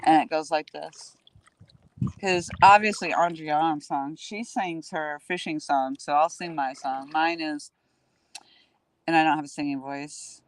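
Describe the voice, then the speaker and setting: A woman's voice: low-pitched, fairly even intonation, a little slow, slight background noise, poor audio. A woman hosting a casual live stream from a kayak on a lake, chatting in a bubbly way with viewers. She speaks into a phone held on a selfie stick. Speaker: livestream host.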